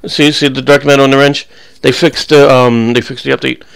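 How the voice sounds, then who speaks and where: A man's voice: medium pitch, level tone, brisk, gravelly, clear, resonant tone. A young man giving casual, rambling commentary over his own gameplay, full of crude jokes and banter. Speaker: gaming channel host.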